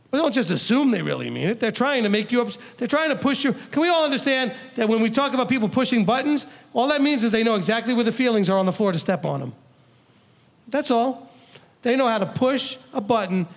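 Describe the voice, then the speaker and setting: A man teaching a congregation as its rabbi, talking in a conversational, animated way, acting out quoted people and putting questions to the audience. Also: sits high.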